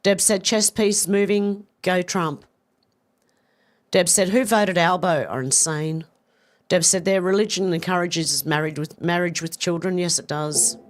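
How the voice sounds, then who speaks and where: A woman's voice: lowish voice, fairly even intonation, a little slow. Middle-aged Australian woman, live-stream host, chatty and effusive, a bit congested. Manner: chatty, effusive, warm thanks, many restarts. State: slightly congested with a cough. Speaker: livestream host. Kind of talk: casual live-stream chat, reading viewer comments.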